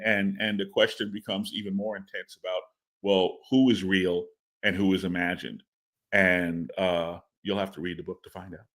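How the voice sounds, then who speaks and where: A man's voice: on the low side, bright, forceful tone. A man talking as a guest in a casual interview, rambling and stammering with repeated words and laughs. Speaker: comic book writer interviewed as guest.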